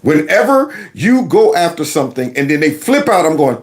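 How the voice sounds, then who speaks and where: A man hosting an opinionated commentary vlog, talking in an emphatic, colloquial and indignant way with big swings in pitch. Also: very animated, normal speed. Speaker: political commentary host.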